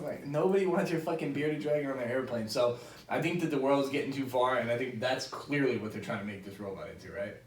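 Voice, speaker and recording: A man chatting on a casual podcast, lively and profane with a joking edge. His voice sounds roomy and distant from the mic. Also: mid-range voice, fast, a little hiss or hum. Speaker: podcast host. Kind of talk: casual chat.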